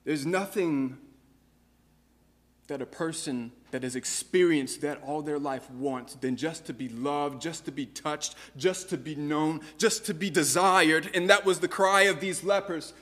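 A man preaching with a slightly higher-pitched voice, posing earnest rhetorical questions to his listeners. His words ring out with a long reverb, as if he is in a large church sanctuary. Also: measured pace, a bit bright. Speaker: pastor. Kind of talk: sermon.

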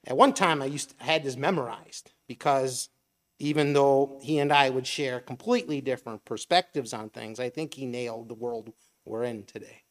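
A middle-aged preacher delivers a conversational sermon, posing rhetorical questions and briefly acting out imagined voices. His voice is mid-range and his pace moderate.

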